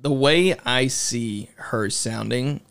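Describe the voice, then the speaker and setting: A man co-hosting a podcast, chatting casually in a relaxed, joking way. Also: medium pitch, takes it slowly, gravelly, clean tone. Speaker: podcast co-host. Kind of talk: casual chat.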